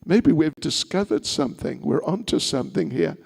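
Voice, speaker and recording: Coaxing village woman soothing a baby, as a monk puts her on, high voice, roomy hall. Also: huge pitch swings, moderate pace, gravelly, a little mellow, breathy edge, full character voice. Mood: wondering.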